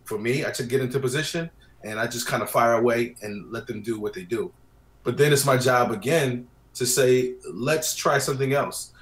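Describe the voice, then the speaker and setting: Man, casual chat, storytelling, acts out quotes, mid pitch, roomy sound. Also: moderate pace. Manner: chatty storyteller, acts out clients' lines. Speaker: wedding photographer guest. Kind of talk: casual talk about photo technique. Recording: roomy echo.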